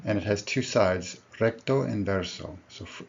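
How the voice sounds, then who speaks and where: A man's voice: lowish voice, moderate pace, creaky, dull audio, a little hiss or hum. A man giving a recorded lecture to his students, explaining step by step and correcting himself as he goes.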